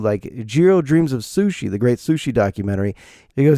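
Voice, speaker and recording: A man in his forties rants through a comic podcast monologue, throwing in playful put-on quotes. His voice is dark and mellow, with a pitch that leaps around animatedly. The sound is dry and close. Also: sing-song, a little fast, dry recording. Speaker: podcast host.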